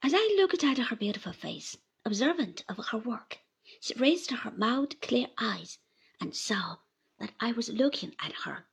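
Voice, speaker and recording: A woman narrating a classic novel aloud in a measured, gentle manner. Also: on the high side, sing-song, vocal fry, breathy edge. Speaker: audiobook narrator.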